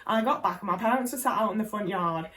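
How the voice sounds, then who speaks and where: A woman's voice: mid-range voice, fast, fairly bright tone, far from the mic, poor audio. A young English woman vlogger telling a personal story to camera, candid and sweary, with lots of "like".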